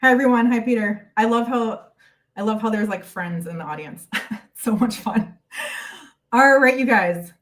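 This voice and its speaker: A woman's voice: a little high, moderate pace, a bit bright, recorded from a distance. A woman hosting a casual live stream Q&A from home, chatty and bubbly as she greets viewers by name, a little out of breath. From United States. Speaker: YouTube host.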